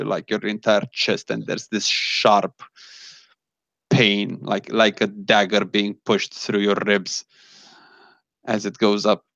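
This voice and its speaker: A man running a tabletop game, narrating slowly in a low, gravelly voice with lots of filler words. The recording is dull and dry. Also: fairly bright tone, dry recording. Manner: descriptive, hesitant with fillers. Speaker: game master.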